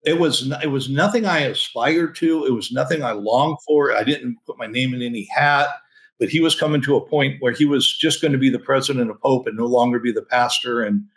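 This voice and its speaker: A man's voice: mid-range voice, brisk, poor audio. Man in his sixties telling a story, chuckling. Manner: animated storyteller, chuckling, many restarts. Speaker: senior pastor. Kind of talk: storytelling in a podcast interview.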